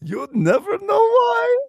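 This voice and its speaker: A man playing a theatrical old-time male stage villain with drawn-out menace, on a comedy podcast. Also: extremely high pitch, wildly swooping pitch, creaky, darkish tone, no echo, dull audio, pitched above the performer's own voice, full character voice. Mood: mock sinister. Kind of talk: comic podcast banter.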